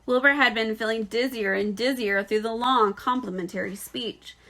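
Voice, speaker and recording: A woman teacher reading a children's novel aloud in an expressive, lively way. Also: fairly high pitch, moderate pace, rough recording.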